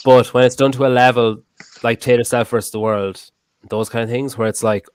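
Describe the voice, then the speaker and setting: A man's voice: lowish voice, steady tone, normal speed, smooth, no echo, studio quality. A man hosting a podcast in casual chat, blunt and rambling, swearing freely. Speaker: podcast host.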